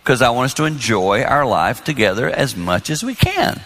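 A man's voice: medium pitch, normal speed. A man in his sixties preaching on marriage to a large audience, telling stories and acting out the dialogue. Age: 60s. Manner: animated storyteller acting out dialogue. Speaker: pastor. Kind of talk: sermon on marriage. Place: large hall before an audience. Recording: long hall reverb.

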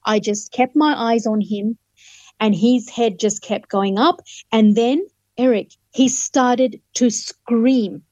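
Woman telling a story, kinda high voice but mellow, dry close sound. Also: takes it slowly, no room sound, dull audio. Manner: vivid storyteller who acts out dialogue. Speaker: guest, human rights lawyer. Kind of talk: telling a personal testimony in an interview.

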